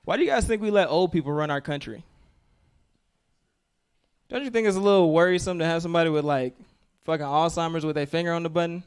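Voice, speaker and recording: A man's voice: fairly high pitch, fast talker, pauses often, clean tone. A man doing a stand-up comedy set with a profane, laid-back delivery.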